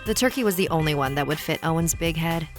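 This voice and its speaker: A woman's voice: sits low, fast, over music, close to an everyday voice. An actress playing a practical woman in a unicorn costume, speaking in a dry, matter-of-fact way.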